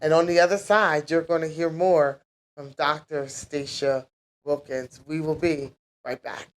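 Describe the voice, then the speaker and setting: A woman's voice: deep voice, steady tone, a little slow, low-quality recording. A woman pastor hosting her talk show, speaking in an encouraging, preacher-like way.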